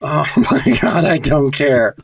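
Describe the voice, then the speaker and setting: A man co-hosting a casual comics podcast, lively and quick to laugh, cursing freely. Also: fairly high pitch, vocal fry, a little hiss or hum. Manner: lively, quick to laugh, swears at his cat. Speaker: podcast co-host.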